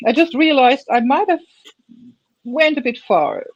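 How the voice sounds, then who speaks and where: A woman's voice: high voice, a little slow, highs cut off. A woman in her fifties, a guest on a crafting livestream, chatting casually in a hesitant way and often repeating words as she thinks. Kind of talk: casual chat.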